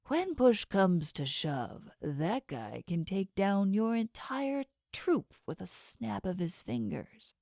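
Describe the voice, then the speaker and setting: A woman's voice: mid-range voice, big pitch swings, slow pace, gravelly, few pauses, darkish tone, dry recording, studio quality, exaggerated voice. A woman voicing a menacing inhuman male boss with shark teeth, talking down coldly and threateningly in an audiobook. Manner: cold, threatening, condescending. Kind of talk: audiobook character voice.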